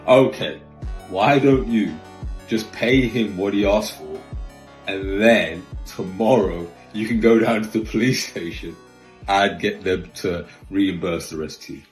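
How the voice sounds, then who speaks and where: A man's voice: on the low side, a little slow, close to an everyday voice. A man voicing a pushy male police officer, curt and insistent. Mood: persuasive. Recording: roomy echo with faint music.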